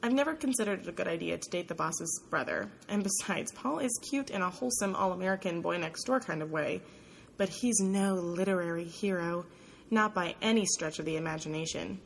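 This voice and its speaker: A woman narrating a first-person audiobook in a soft, introspective manner. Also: on the low side, a little fast, vocal fry, slight background noise, low-quality recording.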